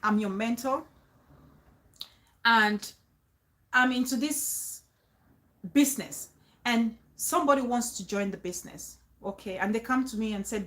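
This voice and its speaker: Her voice is a little high and a bit bright, unhurried, with long pauses. This woman is a vlogger offering advice in casual talk to viewers, repeating herself emphatically, restarting phrases and pressing them to trust her.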